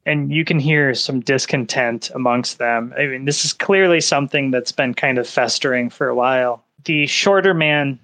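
Narrating a tabletop session as its game master, a man lays out the scenes casually and without rushing. He has a mid-range voice with a fairly bright tone.

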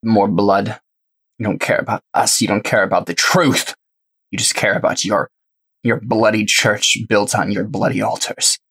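A man voicing a defiant captive heretic woman who answers with slow, bitter scorn. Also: medium pitch, fairly bright tone. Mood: scornful.

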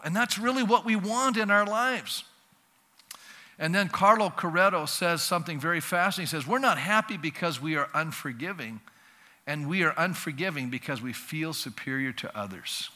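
Man, pastor preaching, bright forceful voice, long church-hall reverb, lively conversational delivery. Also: a little high. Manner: animated, conversational preaching with acted-out dialogue. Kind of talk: sermon. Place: church sanctuary.

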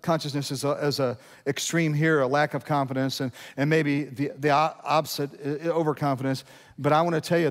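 A man's voice: fairly high pitch, long reverb tail. A male pastor preaching a sermon in a conversational style, asking rhetorical questions and building to emphatic peaks.

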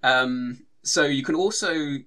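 A man's voice: a little high, slow pace, fairly bright tone. A man hosting a casual podcast chat, running the show and restarting his sentences as he talks. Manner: rambling, self-restarting talk. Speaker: podcast host.

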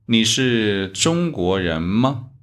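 Brief: male Chinese-accented language teacher, low voice, unhurried, deliberate delivery. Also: very animated. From China. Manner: speaks Chinese examples slowly and deliberately. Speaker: Chinese teacher, podcast host. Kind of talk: slow, methodical language lesson.

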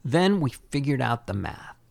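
A man with a gravelly, fry-laden voice at an ordinary pitch talks casually. He adds wry asides and retells stories with some dry humor. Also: big pitch swings, a little slow. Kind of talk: casual chat.

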